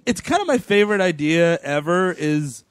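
A man's voice: a little high, big pitch swings, moderate pace, clean tone, dry recording. A man co-hosting a casual movie podcast, wry and laid-back, swearing now and then. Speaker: podcast co-host. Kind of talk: casual movie-review chat.

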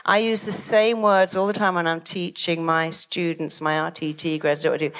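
A middle-aged woman, a therapist giving a lively motivational talk and acting out quoted voices. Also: fairly low pitch, normal speed, hardly any pauses. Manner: animated, acts out quoted voices. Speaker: therapist and speaker.

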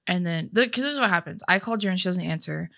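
A young woman in casual chat, teasing her sister with quick comebacks. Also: fairly low pitch, animated, vocal fry, sharp tone.

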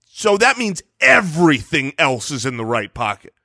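A man co-hosting a podcast in casual chat, jokey and animated, laughing often. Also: a little high, moderate pace, vocal fry, no echo, clean studio sound. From United States. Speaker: podcast co-host.

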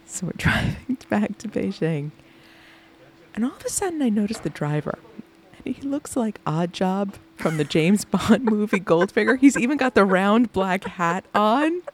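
A woman hosting a podcast, telling a lively anecdote about her day, laughing often and acting out the people she quotes. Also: medium pitch, moderate pace, slight background noise. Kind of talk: animated anecdotal storytelling.

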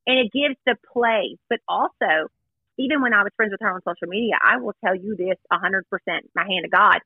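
Woman guest over a thin, phone-like line, husky and emphatic, casual gossip. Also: medium pitch, fairly quick, dry recording. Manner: emphatic, chatty, stresses points with "let me tell you". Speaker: guest recounting an exposé. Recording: tinny phone-line audio.

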